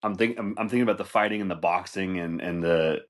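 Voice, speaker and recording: Comedy podcast host, male, lowish voice, loose profane rambling with laughs. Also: fast talker. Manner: loose, profane, laughing, says dude a lot.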